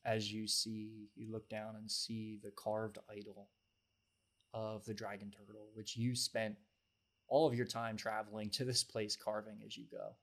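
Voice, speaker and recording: Low-voiced man narrating as game master. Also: completely flat delivery, measured pace, fairly bright tone. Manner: descriptive, evenly paced narration.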